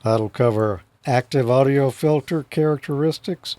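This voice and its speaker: Male co-host, mid pitch, eager technical explainer, casual tone. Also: measured pace, mellow, no echo. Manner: enthusiastic, explanatory. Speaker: co-host teaching radio exam material.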